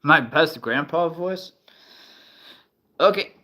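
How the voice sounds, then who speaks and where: Male livestream host, relaxed rambling talk with frequent chuckles, bright voice, unhurried. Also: fairly high pitch. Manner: rambling, chuckling between remarks. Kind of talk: casual live-stream chat. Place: at a relative's house.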